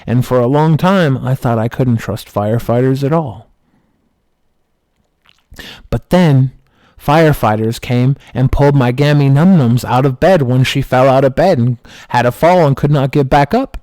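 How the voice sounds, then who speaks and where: A man streaming who tells a comic story with mock-dramatic, slow deadpan delivery. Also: mid-range voice, no room sound.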